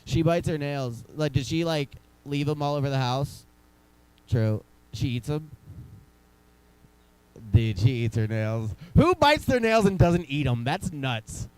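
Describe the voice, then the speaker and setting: A man's voice: a little high, big pitch swings, measured pace, darkish tone, smooth, dry recording, poor audio. A young man doing stand-up comedy in a small club, rambling loosely and teasing the crowd.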